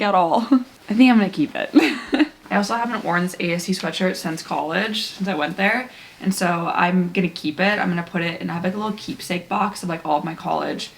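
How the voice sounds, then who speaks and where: A woman's voice: on the low side, vocal fry, background noise. A woman in her twenties chatting casually to camera as a lifestyle vlogger, saying "like" a lot and laughing often. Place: home closet, later her car.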